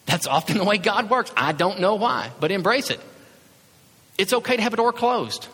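Man, pastor, lively sermon, bright voice, echoing hall. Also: sits high, moderate pace, pauses often, husky. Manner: animated, conversational preaching with acted-out asides. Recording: reverberant hall sound.

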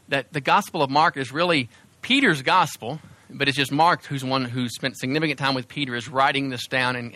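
A man's voice: fairly high pitch, pushed and bright, no echo. A man preaching a sermon in a church, conversational and full of fillers and restarts. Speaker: pastor.

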